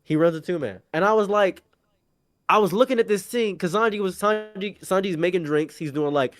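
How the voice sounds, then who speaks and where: A man chatting casually as a co-host, excitable and laughing, acting out characters' lines as he retells a scene. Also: sits high, brisk, dry recording. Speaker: podcast co-host.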